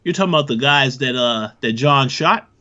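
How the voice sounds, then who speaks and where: A man co-hosting a podcast, answering in hesitant, measured replies with fillers. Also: mid-range voice, expressive, sharp tone. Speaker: podcast co-host. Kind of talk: casual discussion. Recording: dull lo-fi sound.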